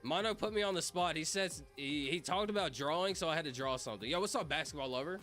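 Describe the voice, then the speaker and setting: A man's voice: a little high, quick pace, a bit bright, faint music behind. A young man streaming from home, chatting casually and rambling with lots of "like" and "bro". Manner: rambling, filler-heavy, says "like" and "bro" constantly. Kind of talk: casual livestream chat.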